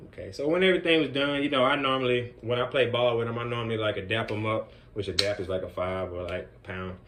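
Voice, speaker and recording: Group home counselor, male, middle pitch, casual vlog storytelling with plenty of fillers. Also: fast talker, fairly bright tone, slight background noise. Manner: loose and conversational, with many fillers like "man" and "you know".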